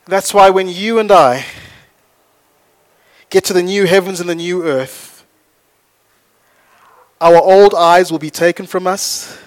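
A male pastor preaching a sermon, animated, swinging between loud storytelling and soft, slow points. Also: a little high.

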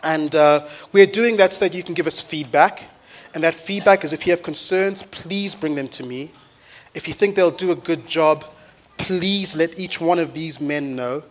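A man, a pastor preaching a sermon to his church with energetic storytelling that rises into loud exhortation. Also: on the high side, moderate pace. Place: church auditorium.

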